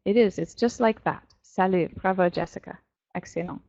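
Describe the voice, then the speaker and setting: A woman teaching an online French class to young students, playful and animated as she explains pronunciation. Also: fairly low pitch, brisk, no echo, lo-fi sound. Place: virtual world classroom.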